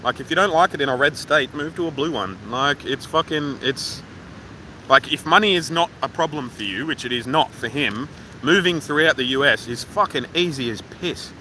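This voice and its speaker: An Australian livestream host speaks at a moderate pace in a voice on the high side, pushed and bright. Streaming by phone outdoors at a waterfall park, he reads viewer comments while rambling casually and profanely, and the poor audio carries a little hiss or hum.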